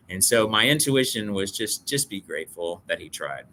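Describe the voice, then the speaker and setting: A man's voice: fairly low pitch, animated, normal speed, few pauses, pushed and bright, a little hiss or hum. A middle-aged man, an author guest, telling personal stories in an earnest, heartfelt way. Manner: earnest, emotional storyteller. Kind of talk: storytelling interview talk.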